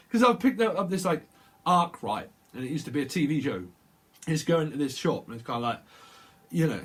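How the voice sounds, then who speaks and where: A man gives a rambling, jokey tarot reading and keeps slipping into little acted-out exchanges. His voice is slightly husky and a bit high for a man, with a very lively rise and fall. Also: moderate pace, pauses often. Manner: rambling, jokey, acts out dialogue. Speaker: tarot reader. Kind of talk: casual chat, tarot reading.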